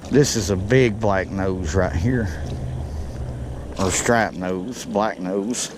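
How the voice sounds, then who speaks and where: This fishing host has a low-pitched voice and a slow delivery, bantering in a folksy way from his boat by the docks and addressing the fish he reels in. The background is noisy.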